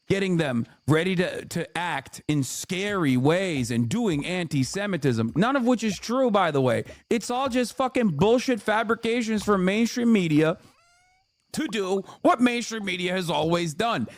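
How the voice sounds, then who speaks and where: A man with a notably high voice delivers a furious, sarcastic political rant on his livestream, swearing freely and snapping at viewers in chat. He speaks into a close desk mic in a dry, dead room at home. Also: no echo. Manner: angry, profane, sarcastic; talks back to chat.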